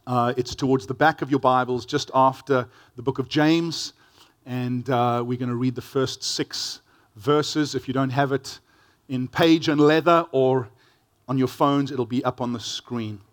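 Speaking a little slowly with fairly even intonation, a South African pastor with a mid-range voice reads scripture and shares stories in his sermon. He's earnest and conversational, with touches of gentle humor.

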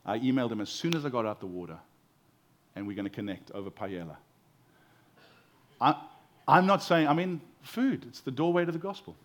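A man's voice: medium pitch, very animated, fairly quick, pauses often. A man in his forties preaching a sermon as the pastor, telling stories in a conversational way and often repeating his first words. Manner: conversational storytelling, repeats words when starting.

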